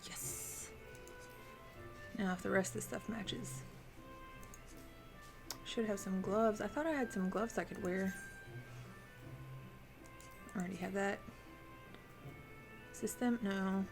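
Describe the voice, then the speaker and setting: A woman streaming a video game, chatting casually and thinking aloud as she plays and answers her chat. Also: medium pitch. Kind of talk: casual live-stream commentary while playing.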